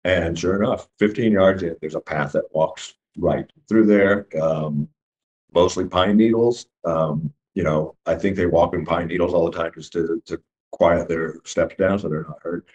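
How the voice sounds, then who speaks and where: A middle-aged man with a deep, low voice tells his story in an unpolished, casual way. He stops and restarts often and acts out the lines of dialogue. The recording sounds dull and lo-fi. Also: steady tone, unhurried, a little mellow. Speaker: eyewitness telling his story.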